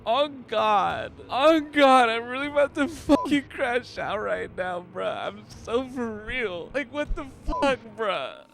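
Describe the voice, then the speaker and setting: A man mimicking a frantic, sobbing young college student in a high, whiny, breathless wail. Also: expressive, takes it slowly, creaky, hardly any pauses, a bit bright, full character voice.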